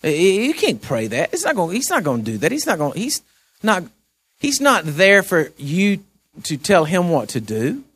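A man preaching a sermon to his church, earnestly moving between hushed storytelling and raised exhortation, often repeating words as he presses a point. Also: sits high, wildly swooping pitch, moderate pace, husky. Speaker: pastor.

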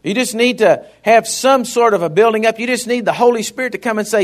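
A man's voice: sits high, fairly quick, hardly any pauses. A man preaching a sermon, calling out to the congregation and acting out the people in his stories. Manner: calls out to the congregation, acts out stories in voices. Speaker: pastor.

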